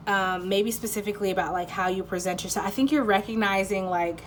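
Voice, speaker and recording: A woman's voice: mid-range voice, fairly quick, a little hiss or hum. A woman giving a casual tarot reading, rambling with lots of "like", cutting herself off, swearing freely and apologizing often. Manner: rambling, lots of "like", self-interrupting. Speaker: tarot card reader.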